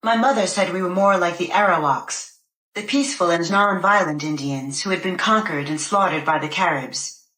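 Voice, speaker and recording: A woman reading a first-person novel aloud in a measured, deliberate way. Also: on the low side, fairly bright tone. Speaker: narrator. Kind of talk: scripted first-person audiobook narration. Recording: roomy echo.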